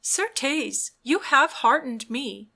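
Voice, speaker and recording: A woman voicing an earnest, pious young noblewoman in a storybook, speaking in a hushed, pleading, wistful way. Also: high-pitched, expressive, drawn-out words, gravelly, pitched above the performer's own voice, full character voice.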